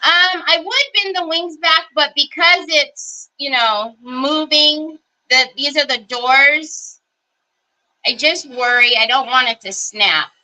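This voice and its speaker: A woman with a fairly high, very bright voice hosts a live crafting session. She talks at a slow, easy pace, thinking aloud as she works and greeting viewers one by one. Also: poor audio. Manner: chatty, greets viewers by name while working. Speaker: craft livestream host. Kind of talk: casual live crafting chat.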